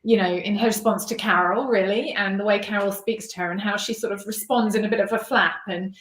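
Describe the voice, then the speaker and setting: A woman's voice: mid-range voice, fairly even intonation, brisk, a bit bright. A woman author being interviewed, talking in a hesitant, self-deprecating way with many restarts. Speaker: author guest. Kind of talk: casual interview chat. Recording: roomy echo.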